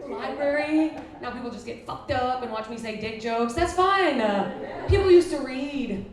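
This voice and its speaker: Woman comic, thirties, brash and crude, slightly high voice, live set with clear room noise. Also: animated, moderate pace. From Buffalo, New York. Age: 30s. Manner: brash, crude, self-mocking punchlines. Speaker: stand-up comedian. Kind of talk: stand-up comedy set. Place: former library used as a venue, live audience. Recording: echoey distant room mic with noise. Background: audience laughter.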